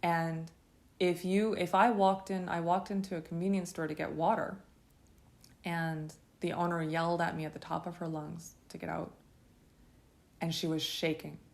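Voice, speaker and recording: A woman speaks in a low, gravelly voice full of vocal fry. She tells her own story in a halting, intense monologue. She pauses and restarts often as she recounts it. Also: little pitch movement. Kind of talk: first-person testimony monologue.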